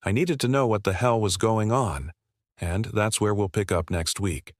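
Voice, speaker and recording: A man narrating a scripted first-person horror story in a measured, even delivery. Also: on the low side, dry recording, studio quality.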